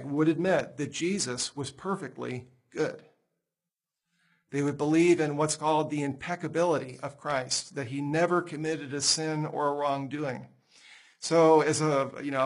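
A man teaching on a Bible passage in a conversational sermon style, animated, acting out quoted dialogue with a laugh here and there. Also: a little high, husky. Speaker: preacher.

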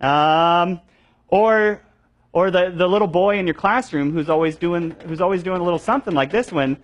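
A young man with a slightly higher voice trains a room of volunteer teachers as a children's ministry trainer. His delivery is loose and animated, packed with fillers and quick restarts, and he acts out students in playful voices for effect. The audio sounds dull.

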